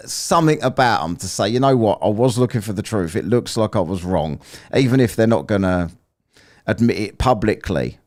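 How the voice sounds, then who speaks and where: A man's voice: on the low side, darkish tone. A man hosting and commenting with sarcastic, exasperated mockery. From United Kingdom. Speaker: host reacting to a stream. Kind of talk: mocking commentary.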